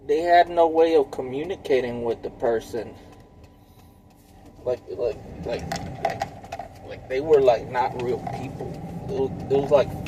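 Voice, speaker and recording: A man in his thirties rambles slowly through a casual monologue, packing his talk with filler words and swearing. Loud car and traffic noise runs behind him. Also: fairly high pitch. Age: 30s. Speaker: vlogger.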